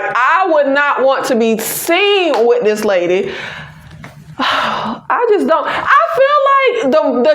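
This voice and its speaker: A woman's voice: high voice, fairly bright tone. A young woman, giving an exasperated, profane TV recap full of sighs and repeated "I can't". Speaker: TV recap reviewer. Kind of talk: ranting casual review. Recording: echoey room.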